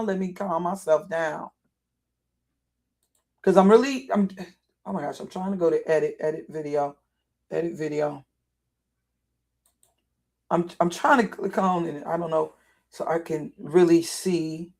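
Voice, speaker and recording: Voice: mid-range voice, measured pace, pauses often. Agitated live streamer thinking aloud. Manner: thinks aloud, repeats and restarts phrases, grows agitated. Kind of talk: casual live-stream commentary while browsing.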